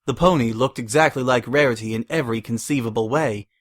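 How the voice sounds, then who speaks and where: A man narrating a dramatic fanfiction reading in a steady storytelling manner. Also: mid-range voice, fast.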